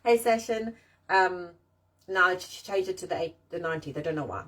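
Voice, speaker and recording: A woman's voice: lowish voice, a little fast, fairly bright tone. Sweary, blunt woman ranting from a distance. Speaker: host of a live chat show. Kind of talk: casual live-stream chat. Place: outdoors in the rain.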